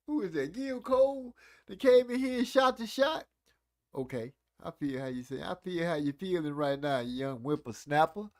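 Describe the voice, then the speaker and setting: A man, chatting casually on a live stream. His voice sits high and swings widely in pitch. He teases his viewers in a playful way and reads their comments aloud. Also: lively intonation, moderate pace. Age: 40s.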